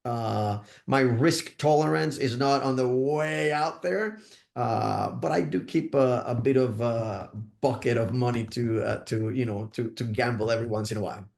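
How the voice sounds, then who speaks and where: A podcast guest from Puerto Rico, a man with a gravelly, fry-tinged voice. He speaks thoughtfully, often restarting and listing his points one by one. The room around him is noticeably echoey. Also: mid-range voice, normal speed, darkish tone. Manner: thoughtful, many restarts, lists advice point by point. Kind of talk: podcast interview.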